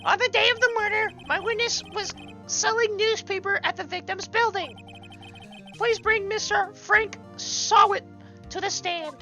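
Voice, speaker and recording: A woman's voice: extremely high pitch, unhurried, bright, forceful tone, soft background music, exaggerated voice. A woman voicing a smug male prosecutor in an amateur video game fan dub.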